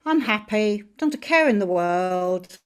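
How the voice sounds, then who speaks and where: A woman's voice: medium pitch, expressive, unhurried, smooth, natural voice. A woman voicing a cheerful, oblivious young man who gazes at the sky on a cliff edge. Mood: carefree. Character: carefree young man about to step off a cliff.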